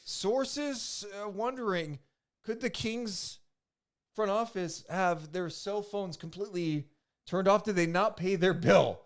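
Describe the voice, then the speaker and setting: A man's voice: high-pitched, slow. A man co-hosting a casual sports live stream, playful and often laughing, sliding into mock announcements. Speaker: podcast co-host.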